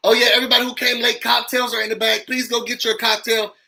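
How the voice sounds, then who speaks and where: A man's voice: very high voice, flat delivery, quick pace, creaky, pushed and bright, poor audio. A man hosting a casual reality TV recap, talking in a sassy, dramatic, slangy way and repeating lines for emphasis. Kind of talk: casual live recap commentary.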